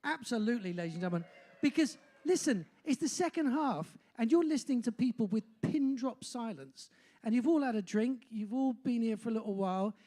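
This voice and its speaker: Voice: medium pitch, lively intonation, a little fast, dark tone. An older compere, about sixty, with a faint Bristol accent talks live from a pub stage. The delivery rambles and mocks itself, full of filler "uh"s. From Bristol, England. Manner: rambling and self-mocking, with many filler "uh"s. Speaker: compere of a live music night. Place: pub function room, on stage.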